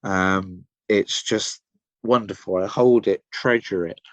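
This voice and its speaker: An Englishman from Somerset, a musician appearing as a guest on a casual podcast, speaks in a lowish, steady voice and takes his time. He tells rambling, enthusiastic stories packed with fillers, and the recording has no room sound.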